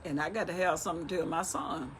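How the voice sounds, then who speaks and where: A woman's voice: on the low side, fast, a little hiss or hum. A middle-aged woman reading and explaining the Bible in a casual, talkative way, retelling the scripture in everyday speech. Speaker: Bible teacher.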